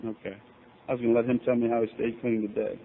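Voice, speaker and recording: A middle-aged man shares his recovery story at a convention hall, speaking candidly and poking fun at himself. His medium-pitched voice is flat and fast with vocal fry. The recording sounds like tinny lo-fi tape with a faint hiss.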